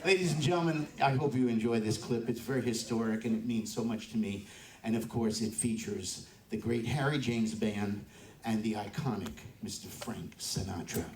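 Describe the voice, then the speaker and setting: A man's voice: lowish voice, normal speed, a little mellow. A man in his seventies, a bandleader and drummer, telling chatty stories to a live audience and laughing often. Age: 70s. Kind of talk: on-stage storytelling to a live audience. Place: live music venue. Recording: echoey room, distant mic.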